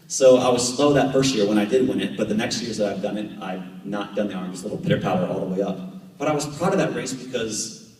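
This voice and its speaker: An American man in his thirties tells animated stories to a club audience and acts out whole conversations. His voice sounds distant, as if picked up from the back of a room. It carries a long, roomy echo. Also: fairly low pitch, quick pace. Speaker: guest speaker, professional triathlete. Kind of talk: storytelling talk to a club audience. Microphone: camera at the back of the room. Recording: echoey hall from far off.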